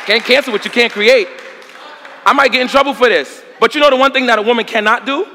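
A man's voice: very high voice, fast, bright, forceful tone, long reverb tail, some chatter behind, a little hiss or hum. A male pastor preaching a sermon, with emphatic delivery and call-and-response to the congregation.

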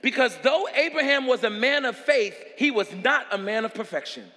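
A man preaching a sermon with drama, repeating phrases and swinging from hushed words to shouting. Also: extremely high pitch, lively intonation, normal speed, big-room sound.

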